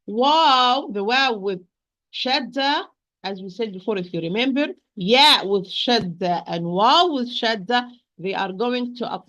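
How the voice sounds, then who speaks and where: A woman teaching Quran recitation in an online lesson, patient and repetitive, slowing down to demonstrate each sound. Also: a little high, fairly bright tone, lo-fi sound. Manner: patient, repeats corrections, slow demonstrations.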